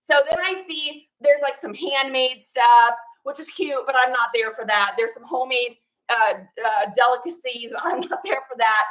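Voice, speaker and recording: A woman reseller telling a story in casual chat while showing her garage sale finds, animated and laughing as she acts out the people she met. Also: high-pitched, normal speed, poor audio.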